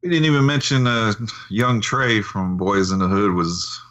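A man's voice: on the low side, lively intonation, normal speed, a bit bright, muffled recording. A man co-hosting a podcast, chiming in with short, laid-back comments during a casual movie chat. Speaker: podcast co-host.

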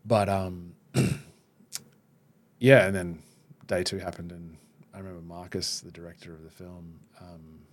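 A man with a low voice and steady tone hosts a podcast. He talks candidly and self-reflectively, often halting and restarting his sentences.

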